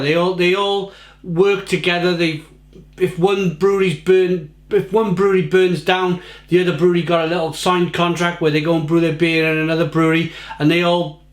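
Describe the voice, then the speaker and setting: Exasperated man ranting, slow and high. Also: a bit bright. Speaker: beer reviewer. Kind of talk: ranting beer review to camera. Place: home kitchen. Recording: roomy kitchen echo.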